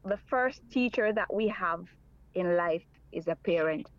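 A woman's voice: lowish voice, measured pace, no room sound, highs cut off. A woman calling in to a radio talk show, speaking earnestly and repeating her points. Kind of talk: call-in radio chat.

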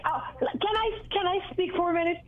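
Jamaican woman, high voice, mixes patois and English, tinny phone sound. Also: steady tone, fairly quick.

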